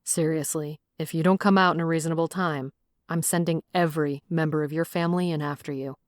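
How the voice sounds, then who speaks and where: Audiobook role: an earnest male police chief, protective and soft-spoken, a lower register, read by a woman. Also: fairly even intonation, brisk, dry recording, clean studio sound, close to an everyday voice.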